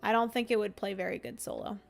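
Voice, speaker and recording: A woman's voice: medium pitch, fairly even intonation, quick pace, gravelly, faint music behind. A young woman streamer chatting casually and giggling as she rambles through a livestream.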